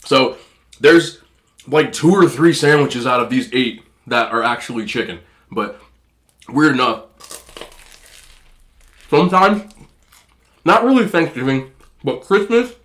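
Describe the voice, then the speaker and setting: Animated but measured, a man with a slightly nasal, somewhat bright medium-pitched voice leaves long pauses as he talks. He's a food vlogger doing a casual mukbang, rambling and chatty between bites while eating on camera.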